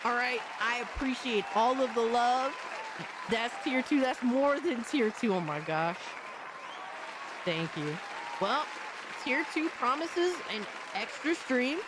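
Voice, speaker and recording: A woman's voice: a little high, lively intonation, takes it slowly, a crowd in the background, background noise. A young adult woman hosting a live stream in casual chat. She swears freely and coos at her cat.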